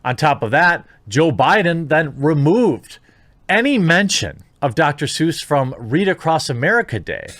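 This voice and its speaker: A man's voice: on the high side, sing-song, unhurried, fairly bright tone, no echo, studio quality. A man reading news and statements aloud with his own commentary, putting odd emphasis on syllables. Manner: odd stresses, sing-song emphasis. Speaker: video commentator.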